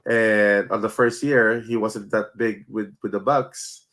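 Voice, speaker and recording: A man, a guest who organizes a card show, chatting casually and then promoting the event, pausing often with fillers. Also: lowish voice, fairly even intonation, fairly bright tone, slight background noise. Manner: halting, many fillers.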